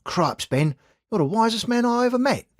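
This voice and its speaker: A fretful young detective from the streets, voiced by a male reader, pushed high and tight in the throat. His vowels crack with worry, and the swings in his pitch run wide. The sound is dry and close. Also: big pitch swings, normal speed, no room sound. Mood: distressed. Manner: high, strained and upset.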